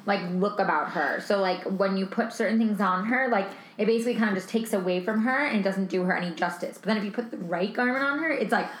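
A woman's voice: mid-range voice, quick pace, hardly any pauses, reverberant, poor audio. A woman host and stylist, chatty and enthusiastic in casual conversation.

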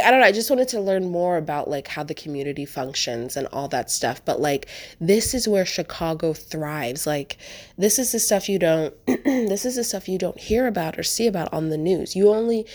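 A woman's voice: lowish voice, expressive, moderate pace. A woman hosting a travel podcast, talking casually and rambling with lots of "like" and "um" as she speaks straight to her listeners. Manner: chatty, rambling, frequent "like" and "um", addresses listeners as "y'all". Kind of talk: casual solo podcast monologue.

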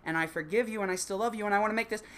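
Guy doing a meek boyfriend begging her to calm down, soft and quiet, bright voice. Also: high voice, rapid-fire. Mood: timid pleading. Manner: soft, timid pleading. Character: meek pleading young boyfriend.

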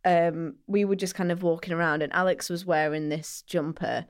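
A woman's voice: lowish voice, moderate pace, clean tone. A woman from England, co-hosting a podcast and telling stories in casual chat, acting out what people said. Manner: animated storyteller, acts out quoted voices. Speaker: podcast co-host.

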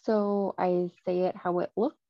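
A woman's voice: on the low side, level tone, measured pace, no echo. A woman co-hosting a podcast, chatting casually in an easygoing, apologetic way. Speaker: podcast co-host. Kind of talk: casual chat. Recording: dry, muffled lo-fi audio.

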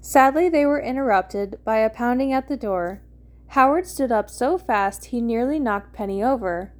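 A woman's voice: on the high side, normal speed. A woman podcast host reading fan fiction aloud casually, with small slips and asides.

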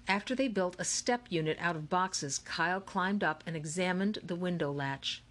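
A woman narrating a children's novel in a lively, expressive storytelling manner. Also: fairly low pitch, moderate pace, hardly any pauses. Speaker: audiobook narrator. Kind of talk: scripted narration.

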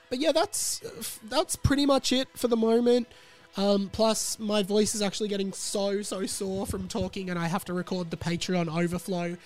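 A man hosts his own podcast with a sore, sick throat. His voice sits high and he rambles in a playful, animated way. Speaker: podcast host. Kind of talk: casual solo podcast chat.

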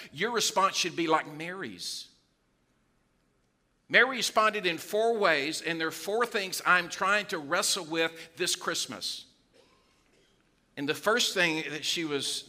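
A male pastor, preaching a sermon with animated storytelling and acted-out quotes. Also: on the high side.

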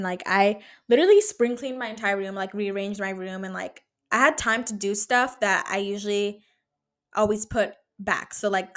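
A woman's voice: medium pitch, fairly bright tone. A woman in her twenties hosting a podcast, telling stories in a casual, blunt monologue full of slang, swearing and "like". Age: 20s. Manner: swears a lot, heavy slang and filler "like"; blunt, rant-like and joking. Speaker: podcast host.

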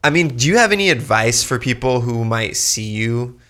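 A man's voice: mid-range voice, animated, normal speed, bright, forceful tone. A man co-hosting a casual podcast, laid-back, curious and slangy in his questions. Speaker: podcast co-host.

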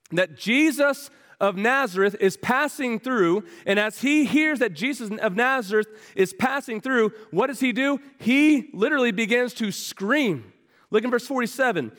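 High-voiced preacher in a reverberant church. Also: male voice. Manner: preaching with rhetorical questions, swinging from loud to hushed. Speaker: pastor. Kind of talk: sermon. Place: church sanctuary.

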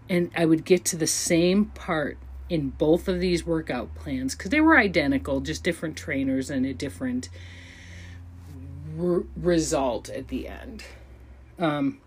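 A woman in her thirties with a low, slightly rough voice hosts her own podcast alone. She rambles casually, with lots of ums, restarts, and self-deprecating asides.

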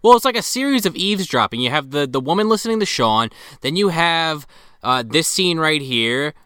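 A man's voice: on the high side, lively intonation, moderate pace, sharp tone, smooth, no echo, clean studio sound. A man co-hosting a casual movie discussion who keeps the plot in order and corrects the others. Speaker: podcast co-host.

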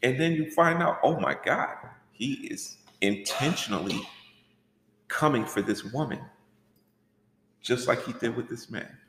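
A man teaching a church workshop in an animated, conversational way, asking rhetorical questions. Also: medium pitch, unhurried, long pauses, a little hiss or hum. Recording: echoey hall with long reverb.

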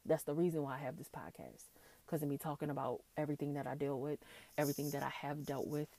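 Woman podcast host, low gravelly voice, impassioned, repeats herself, tearful. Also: steady tone, fast, mellow. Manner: impassioned, ranting with repeated phrases and slang. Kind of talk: emotional solo podcast monologue.

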